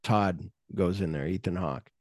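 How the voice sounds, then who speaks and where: A man's voice: low-pitched, unhurried, dry recording, studio quality. A middle-aged man hosting a podcast, retelling movie scenes in casual chat and swearing freely. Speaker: podcast host.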